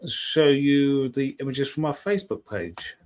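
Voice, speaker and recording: A man's voice: medium pitch, measured pace, darkish tone. A man hosting a casual live weather chat show, talking in a chatty, rambling way and often correcting himself mid-sentence.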